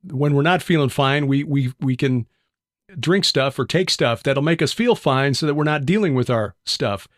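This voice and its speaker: A man hosting a faith podcast, asking a guest questions in a measured, somewhat halting way with repeated words. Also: mid-range voice, dry recording, studio quality. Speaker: podcast host. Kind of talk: interview questions.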